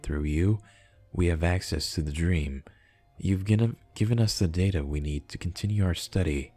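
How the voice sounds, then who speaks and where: A detached ancient spirit, as read by a man speaking slowly and formally in a deep, dark, husky voice. Soft music sits faintly underneath. It stays patient and impersonal. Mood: calm. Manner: measured and formal, no contractions. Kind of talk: reading a visual novel aloud.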